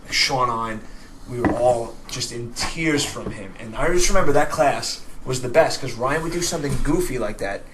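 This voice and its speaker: A man hosting a casual podcast, telling a story in an animated, laughing, profane way. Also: medium pitch, moderate pace. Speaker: podcast host. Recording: distant mic with background noise.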